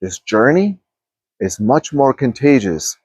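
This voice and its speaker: A man talking slowly and softly as a spiritual teacher, guiding listeners through a meditation with sighs and repeated phrases. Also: medium pitch, very animated, slightly rough, no room sound. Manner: slow, hushed and drifting, with sighs and repeated phrases. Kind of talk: guided meditation talk.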